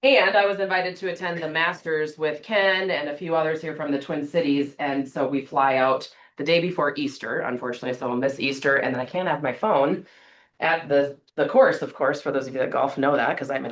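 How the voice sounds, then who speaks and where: A woman's voice: deep voice, fairly even intonation, a little fast. A woman giving casual announcements to her team at a meeting, chatty and informal. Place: office meeting room. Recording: roomy echo.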